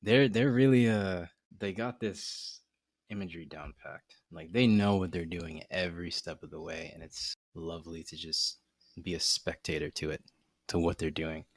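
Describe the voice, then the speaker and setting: A man's voice: low-pitched, fairly even intonation, normal speed, dry recording, studio quality. A man co-hosting an anime discussion podcast, recapping scenes thoughtfully and at length in casual chat.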